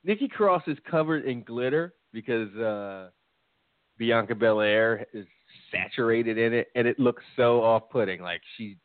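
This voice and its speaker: A man co-hosting a casual chat, animated and laughing, swearing often. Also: mid-range voice, unhurried, dry recording, phone-quality sound. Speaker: co-host.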